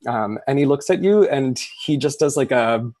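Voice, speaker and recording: Game master narrating casually, close dry sound. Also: male voice, mid-range voice, expressive, normal speed, a little mellow, no room sound. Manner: casual, many fillers, laughs often.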